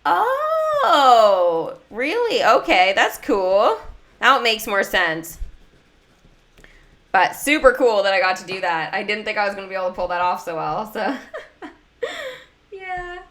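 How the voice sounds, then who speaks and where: A woman streams a mobile game and chats to her viewers as she plays. Her voice is bright and crisp, with a casual, talkative commentary style. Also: mid-range voice, sing-song, measured pace, pauses often. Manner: chatty, talks to chat and viewers. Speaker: gaming livestreamer.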